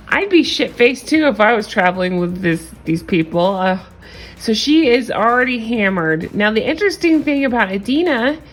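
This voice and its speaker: A woman vlogger giving a casual, chatty recap of a reality show, frank and gossipy, with frequent laughs and casual swearing. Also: fairly high pitch.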